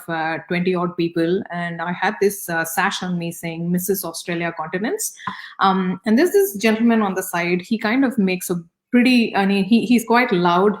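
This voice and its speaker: A middle-aged woman with an Indian accent, speaking as an interview guest in a reflective, conversational way with many fillers and restarts. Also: medium pitch.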